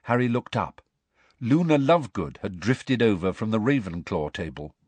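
A man narrates a storybook with lively, expressive intonation. His voice is low and husky. The recording is dry and close. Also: normal speed, dry recording. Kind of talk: audiobook narration.

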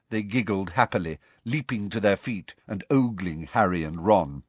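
A man reads a story aloud in a low, slightly husky voice. His delivery is expressive, with wide, lively swings in pitch. The sound is dry and close. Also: normal speed, few pauses, no echo. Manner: expressive storytelling that shifts voice for each character. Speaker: audiobook narrator. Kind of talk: scripted narration.

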